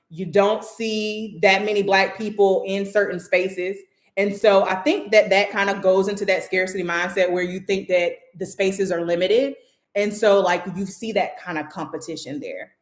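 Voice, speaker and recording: A woman's voice: mid-range voice, fairly even intonation, normal speed, echoey room. A woman hosting and moderating a casual livestream discussion, talking loosely with lots of "like" fillers. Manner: loose, chatty, full of "like" fillers. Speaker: host and moderator.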